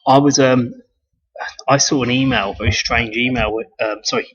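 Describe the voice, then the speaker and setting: A man's voice: mid-range voice, fairly even intonation, normal speed, a bit bright, breathy edge. A man from the United Kingdom talking casually in a rambling monologue, swearing and restarting his sentences. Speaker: video blogger. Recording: dull lo-fi sound.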